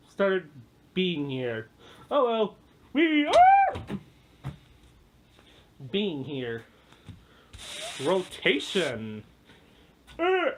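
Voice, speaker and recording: Excitable high-voiced woman, slow and yelping. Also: slight background noise. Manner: excitable, full of yelps and exclamations. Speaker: home video maker. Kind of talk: playful live commentary. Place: indoor room at home.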